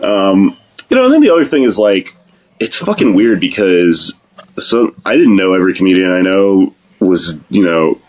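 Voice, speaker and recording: A man chatting as a podcast guest in a slightly low voice. He rambles, swears freely and breaks into laughter as he talks things through. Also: sing-song, moderate pace, darkish tone. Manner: rambling, profane, laughs often. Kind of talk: casual podcast conversation.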